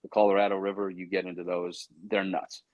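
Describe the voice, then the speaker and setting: Low-voiced and brisk, a male actor guest on an interview show acts out his inner voice while telling a lively story. Excitement makes him restart and stammer often, and the recording is dry and muffled.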